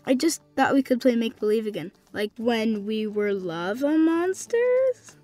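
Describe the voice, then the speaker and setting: Woman doing a young boy, high lively voice, playful, lighthearted, dry close recording. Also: a little slow, faint music behind. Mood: apologetic. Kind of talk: audio drama acting.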